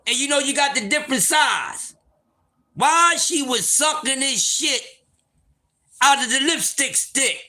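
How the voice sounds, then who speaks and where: A man with a very high, bright voice tells a story on a livestream. His pitch swings widely, and he often gets loud and profane as he laughs his way through it. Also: expressive, unhurried, pauses often. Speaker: livestream host.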